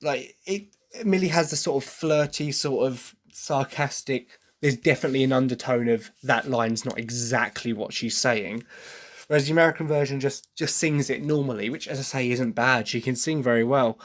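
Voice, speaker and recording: An English man talks through his views in a loose, casual monologue at a desk. His voice sits at an ordinary middle pitch for a man. He is opinionated yet apologetic, restarting sentences as he thinks aloud. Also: moderate pace. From Britain. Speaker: podcast host. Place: at a desk with written notes.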